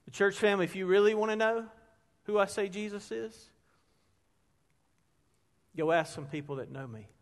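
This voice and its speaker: Brief: middle-aged man, pastor, high-pitched, animated storyteller who drops quiet for emphasis. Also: moderate pace, long pauses. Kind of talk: sermon with storytelling. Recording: long hall reverb.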